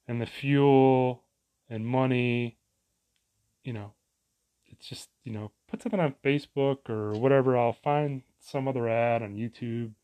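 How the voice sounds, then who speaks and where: A man's voice: medium pitch, darkish tone. A man vlogging a casual, rambling rant, exasperated and profane, full of restarts and asides.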